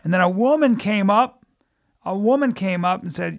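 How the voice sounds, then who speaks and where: A middle-aged man co-hosting a podcast in casual chat, reacting with loud, profane outbursts and telling his own stories. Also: high voice, moderate pace, gravelly. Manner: animated, profane reactions with bursts of shouting. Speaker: podcast co-host.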